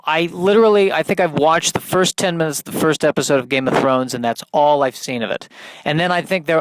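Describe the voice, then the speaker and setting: A man's voice: medium pitch, no room sound, poor audio. A man hosting a podcast, doing a rambling, hesitant comedy monologue full of fillers. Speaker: podcast host.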